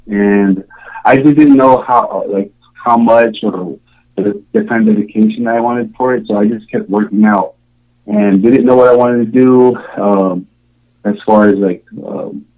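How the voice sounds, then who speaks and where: A man's voice: fairly low pitch, lo-fi sound. A man from Samoa, a podcast guest, recounting his story in a casual, rambling way with many fillers and restarts. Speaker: podcast guest, show contestant.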